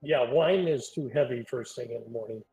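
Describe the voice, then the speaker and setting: A man's voice: mid-range voice, brisk, mellow, husky, faint music behind, rough recording. A man chatting casually over voice chat during a game stream, easygoing and coaxing. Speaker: friend on voice chat.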